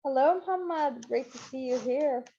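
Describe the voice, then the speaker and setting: A woman's voice: high voice, normal speed, dark tone, muffled recording, a little hiss or hum. A woman leading an online training lesson, talking in an encouraging way with many fillers and repeats. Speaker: Model UN trainer.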